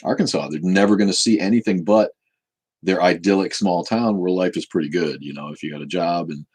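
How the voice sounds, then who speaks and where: Very deep husky-voiced man. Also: fairly quick, a little mellow. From United States. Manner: blunt, profane, opinionated. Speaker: show host. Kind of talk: live-stream Q&A chat.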